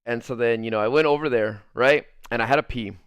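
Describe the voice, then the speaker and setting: Young man, casual chatty storytelling, rambling, profanity, laughs at funny parts, smooth crisp voice. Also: medium pitch, fast, no room sound, muffled recording. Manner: rambling, full of "like", swears freely. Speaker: streamer telling a story. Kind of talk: casual storytelling over gameplay.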